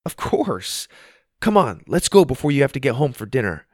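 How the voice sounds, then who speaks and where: A man's voice: mid-range voice, big pitch swings, moderate pace, dry recording, studio quality, pitched above the performer's own voice. A man voicing an earnest young girl who is fed up with mean friends, in a read-aloud story. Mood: eager. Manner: earnest, heated outbursts. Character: girl new in town, fed up and sincere.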